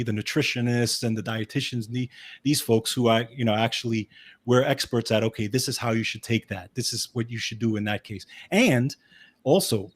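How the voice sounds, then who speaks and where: A man with a Brooklyn accent talks through nutrition advice as a wellness specialist. His delivery is casual and explanatory, full of "okay" and quick restarts, at a pitch typical for a man.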